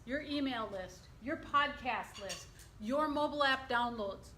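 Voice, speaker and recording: A middle-aged woman giving an interactive workshop presentation, lively and quizzing her audience. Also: fairly high pitch, a little slow. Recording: echoey room, faint background noise.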